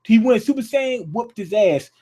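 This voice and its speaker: High-voiced, rambling male anime reviewer. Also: expressive, moderate pace, dark tone. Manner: rambling, slangy, restarts thoughts. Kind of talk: casual video review.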